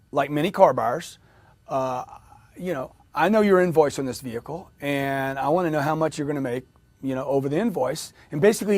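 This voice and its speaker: A man's voice: a little high, dry recording. A middle-aged man giving an emphatic motivational sales talk, acting out his talks with customers. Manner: emphatic, acts out customer dialogue. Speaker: sales trainer.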